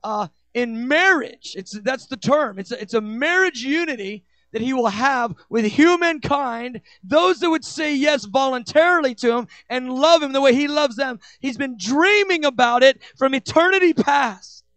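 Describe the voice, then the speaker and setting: Male preacher, very high voice, fervent sermon delivery, dry close sound. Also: expressive, normal speed, few pauses, dry recording. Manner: impassioned, acts out quoted dialogue with big swings in pitch and loudness.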